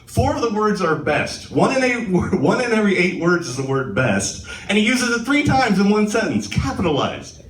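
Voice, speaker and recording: A man's voice: sits high, big pitch swings, moderate pace. A man doing a live stand-up set on a comedy club stage, with a sardonic, self-deprecating delivery, recorded from a distance in an echoey club.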